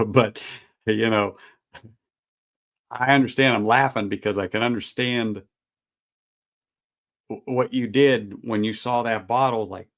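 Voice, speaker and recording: A man's voice: on the low side, slow pace, creaky, pauses often. A middle-aged man hosting a casual whiskey livestream, rambling in a folksy way and answering viewers' comments. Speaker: whiskey channel host.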